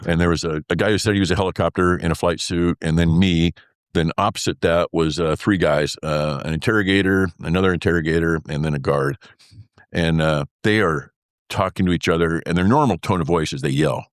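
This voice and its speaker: A man's voice: deep voice, brisk, no room sound, studio quality. A man, an interview guest and former pilot, telling a story in a rambling, wry way full of fillers.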